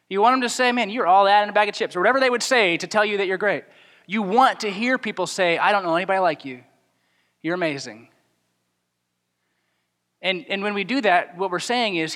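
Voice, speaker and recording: A man delivers a sermon in a high voice and acts out the people he quotes with animated energy. His voice rings through a church hall with a long reverb tail. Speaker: pastor.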